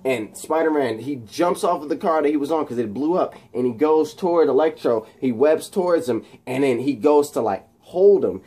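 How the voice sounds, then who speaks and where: A man casually retelling a movie scene, excitedly and with lots of sound effects and fillers. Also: fairly high pitch, normal speed, hardly any pauses. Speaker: channel host.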